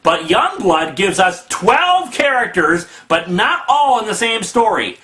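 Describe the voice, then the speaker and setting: Brief: sharp, bright-voiced male host, sarcastic comic review. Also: high-pitched, unhurried. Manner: snarky, mocking, animated.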